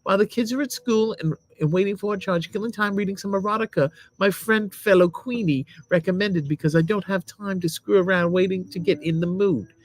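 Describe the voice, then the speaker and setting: A man's voice: high voice, brisk, few pauses, voice pushed up. A man voicing a chatty mother, a woman reviewing a gadget, in a breezy read-aloud manner.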